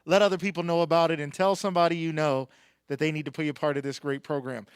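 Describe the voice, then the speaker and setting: A man's voice: fairly high pitch, level tone, quick pace, smooth, no echo, studio quality. A man emceeing a live awards night on a handheld microphone, joking with and hyping up the crowd. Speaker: event emcee. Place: event hall stage.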